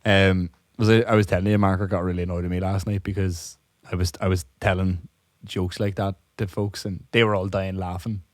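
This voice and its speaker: A man's voice: low voice, level tone, fairly quick, few pauses, no echo, studio quality. A hungover man casually telling a long joke with lots of swearing, laughing at his own punchlines. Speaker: podcast co-host.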